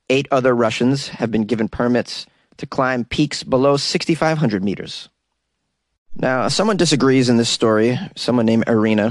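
A man's voice: mid-range voice, dry recording, clean studio sound. A man hosting a comedy news show, reading headlines and cracking sarcastic jokes between them. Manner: sarcastic, jokey asides between read news items. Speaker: comedy news podcast host.

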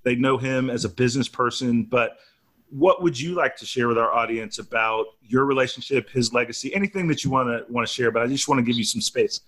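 A man hosting an interview who gently invites his guest to share. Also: mid-range voice, fairly quick. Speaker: host. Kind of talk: interview questions.

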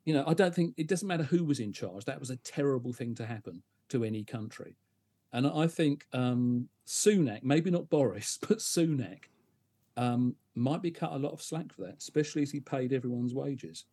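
A man's voice: mid-range voice, expressive, normal speed, dark tone, slightly rough. A man guesting on a podcast, talking casually in a hesitant, wry way with plenty of fillers. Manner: hesitant, wry, with some laughter. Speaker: podcast guest, advertising veteran. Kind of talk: casual interview chat.

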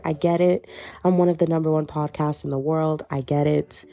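Low, gravelly-voiced young woman podcaster. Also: steady tone, moderate pace, mellow, no room sound. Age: young adult. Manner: slangy, rambling, dramatic storytelling. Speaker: podcast host. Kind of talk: casual solo podcast chat. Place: home, bedroom.

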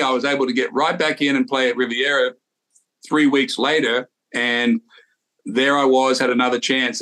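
A former tour pro in his sixties with an Australian accent co-hosts a podcast, his mid-range voice slightly bright. In casual chat he tells stories in an easygoing way, restarting his sentences often.

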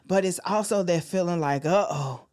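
A woman hosting her own podcast, talking alone with deep feeling and frequent exclamations. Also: a little slow, a little mellow. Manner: heartfelt, testifying, exclaims often. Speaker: podcast host. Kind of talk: emotional solo podcast talk.

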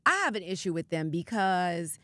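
A woman co-hosting a radio show, chatting casually and telling an animated story with frequent laughter. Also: fairly low pitch, normal speed, no echo. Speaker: radio co-host. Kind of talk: casual on-air chat.

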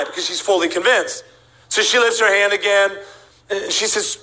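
A man's voice: sits high, fast talker, rough recording. A man preaching a humorous sermon to a church congregation, telling stories and acting out the voices of the people in them. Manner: animated, acts out voices of people in his stories. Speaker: guest preacher. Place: church sanctuary before a congregation.

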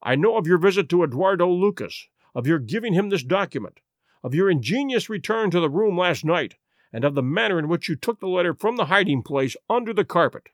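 A man reading a story aloud, voicing a calm, commanding Victorian detective who speaks in a firm, measured way. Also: high-pitched, no echo, clean studio sound. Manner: firm, measured, brisk when urgent. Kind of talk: audiobook reading.

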